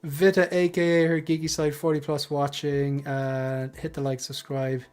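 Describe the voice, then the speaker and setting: A man's voice: a little high, level tone, a little mellow, clear, resonant tone, faint music behind. Joking man hosting a livestream. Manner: joking, quick asides to chat. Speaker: livestream host. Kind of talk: casual panel chat.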